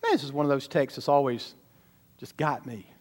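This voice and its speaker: A man preaching a sermon as pastor, animated and talking straight to the congregation. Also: medium pitch, normal speed. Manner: animated preaching, sudden shouts and asides to the congregation.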